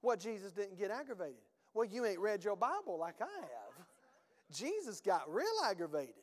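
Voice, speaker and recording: With a high, sing-song voice at normal speed, a male pastor delivers a sermon full of folksy phrasing and rhetorical questions. His manner is emphatic yet conversational, and the sound carries a long reverb tail.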